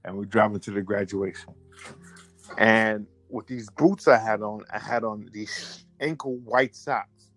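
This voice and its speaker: A man with a fairly low voice tells a personal story in a casual, conversational way. He is animated and keeps repeating and restarting his phrases. Faint music plays in the background. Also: unhurried, no echo. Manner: animated, repetitive, restarts and self-corrections. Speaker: storyteller recounting a memory.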